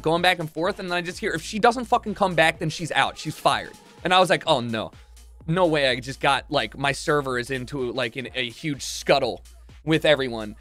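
Animated, swearing man telling a story. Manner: animated, profane, acts out quotes with big pitch jumps. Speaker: streamer. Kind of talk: casual storytelling.

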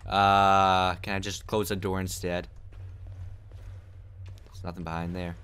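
Male horror gamer, slow jokey muttering, bright tone, panics loud when scared. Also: deep voice, level tone, clear, resonant tone. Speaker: let's play gamer. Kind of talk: horror game commentary.

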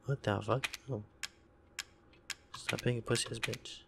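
Sick, gravelly young man swearing through horror game. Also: lowish voice, takes it slowly, pauses often, background noise. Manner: profane, jumpy, talks to himself. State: sick, voice deep and raspy. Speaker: gaming let's-player.

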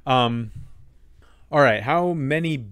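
A man's voice: medium pitch, slow pace, fairly bright tone, clean tone, no echo, studio quality. A man co-hosting a podcast in casual chat, joking and rambling with plenty of fillers and restarts. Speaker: podcast co-host.

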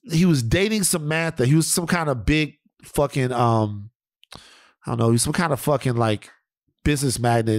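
A man's voice: mid-range voice, darkish tone, no room sound, studio quality. A man hosting a podcast, telling rambling, profane stories in casual chat. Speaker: podcast host.

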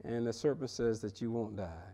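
A man preaching a sermon in a seminary chapel, animated, with wide swings from loud and high to low and hushed. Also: normal speed. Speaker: pastor.

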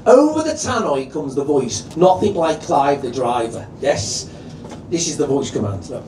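A man with a Liverpool accent compering a comedy night, loud and animated, swearing freely and acting out other people's voices. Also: fairly high pitch, moderate pace, heavy background noise. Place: comedy venue. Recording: echoey venue, recorded from a distance.

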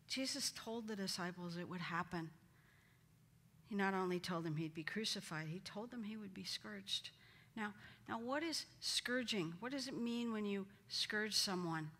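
A woman's voice: medium pitch, a bit bright. A woman teaching a Bible study, acting out the quoted lines with dramatic emphasis. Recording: hall reverb.

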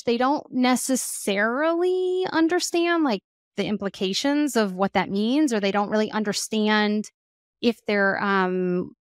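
Animated woman explaining, dry close sound. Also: mid-range voice, no echo. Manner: animated, acts out quoted voices, frequent "like". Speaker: guest expert on child emotional regulation; mother of two. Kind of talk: conversational podcast interview.

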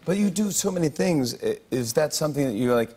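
A man's voice: a little high, animated, darkish tone, slightly rough. A man hosting a talk show, chatting with a guest and eagerly agreeing. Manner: eager, quick to agree and laugh along. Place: TV studio with audience.

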